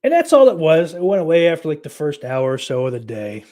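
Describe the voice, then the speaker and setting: A man's voice: on the high side, wildly swooping pitch, fast, a little mellow. A young man hosting a podcast, chatting casually in a rambling, profane, self-deprecating way. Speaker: podcast host. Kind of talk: casual livestream chat.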